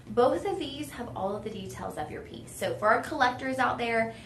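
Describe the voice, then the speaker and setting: A young woman hosts a live jewelry sales stream like a shopping channel presenter, chatty and gushing and saying "y'all" a lot. Her voice is mid-range and a bit bright, in a roomy space with a little hiss or hum.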